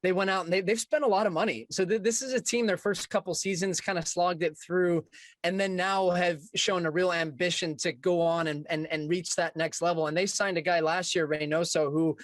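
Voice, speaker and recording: A man with a somewhat high voice talks soccer on a panel in a chatty, easygoing way. The sound is dry and close, with no room around him. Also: fairly even intonation, no room sound. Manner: chatty, quick to joke. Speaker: soccer analyst. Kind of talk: casual panel discussion.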